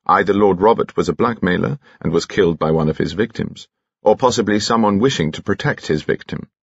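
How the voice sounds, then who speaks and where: A man playing a controlled, ardent police inspector, speaking quietly and measured. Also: low-pitched, breathy edge, dry recording, highs cut off.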